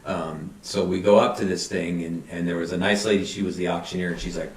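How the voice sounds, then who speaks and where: A middle-aged man, a fire battalion chief, telling animated anecdotes and acting out quotes in a casual interview. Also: low-pitched, a little fast. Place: podcast studio. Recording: roomy, somewhat distant mic.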